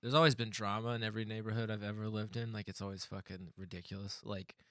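A man's voice: on the low side, steady tone, fast, a bit bright, no echo, clean studio sound. A man telling rambling neighborhood stories in casual podcast chat, swearing often and laughing as he talks.

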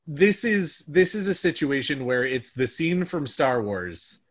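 A man's voice: on the high side, big pitch swings, a little slow, breathy edge. A man hosting a podcast, chatting casually and rambling with frequent restarts and hedges. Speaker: podcast host. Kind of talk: casual chat.

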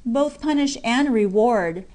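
A woman's voice: lively intonation, takes it slowly, a little mellow. A woman doing a grave, brooding young miner. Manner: low, firm, serious. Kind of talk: audiobook character voice.

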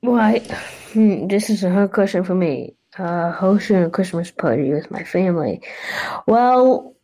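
A woman's voice: on the low side, lively intonation, a little slow, warm tone, poor audio. A woman co-hosting a casual podcast, answering questions hesitantly with plenty of fillers. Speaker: podcast co-host.

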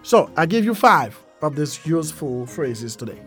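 A man's voice: a little high, sing-song, moderate pace, fairly bright tone, soft background music. A man hosting a podcast, teaching useful phrases casually, repeating each one and using plenty of fillers. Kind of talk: casual language lesson.

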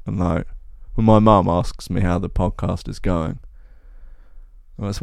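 A man's voice: low voice, fairly even intonation, takes it slowly, gravelly, long pauses, darkish tone, no room sound, studio quality. A man hosting a comedy podcast, rambling through sardonic asides and restarts. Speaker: podcast host. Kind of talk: casual comedic podcast monologue.

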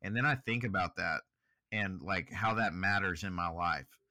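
A man with a lowish, bright and forceful voice co-hosts a podcast in easygoing, reflective chat about scripture. The sound is dry and close, with no room echo. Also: moderate pace. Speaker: podcast co-host. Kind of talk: casual Bible study chat.

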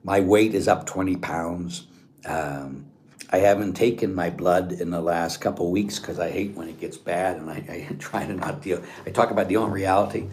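A man, a Catholic priest, giving an informal spiritual talk in an earnest, conversational way, often sinking to a hushed voice. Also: sits low, moderate pace, a little hiss or hum. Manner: earnest and conversational, dropping to a hushed tone in reflective passages.

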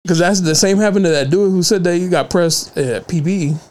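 Higher-voiced man telling stories casually. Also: brisk, a little mellow. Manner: loose storytelling, slangy and profane. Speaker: podcast host. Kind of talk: casual chat.

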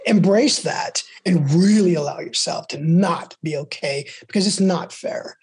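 A woman's voice: lowish voice, measured pace, darkish tone, slight background noise. A woman hosting a candid conversation about recovery, telling stories frankly and rambling with many restarts.

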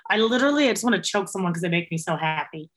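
A woman who works as a cook, a guest chatting casually, telling stories animatedly and jumping far higher in pitch when she quotes people. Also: lively intonation, very fast, fairly bright tone. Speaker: interview guest, restaurant cook. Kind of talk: casual chat.

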